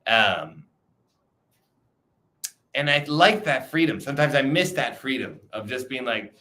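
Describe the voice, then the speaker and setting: A man's voice: medium pitch, animated, a little slow, long pauses, pushed and bright. A young man chatting casually on a livestream, loose and profane, rambling with frequent restarts. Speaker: streamer.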